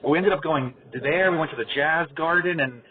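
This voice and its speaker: A man hosting a podcast, chatting casually while he drives, rambling and trailing off quietly at times. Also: fairly high pitch, a little fast. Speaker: podcast host. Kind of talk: casual chat while driving. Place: inside a car. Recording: tinny phone-like car recording.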